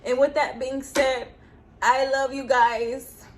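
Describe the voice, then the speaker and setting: A woman's voice: sits high, level tone, takes it slowly. A young woman vlogging casually, giving earnest, preachy spiritual advice to her viewers.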